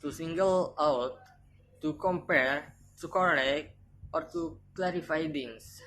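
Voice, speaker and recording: Low-voiced woman reading phonetics slowly. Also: a bit bright, poor audio. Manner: slow, careful reading with repeated words. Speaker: student presenter. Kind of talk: reading a phonetics lesson aloud.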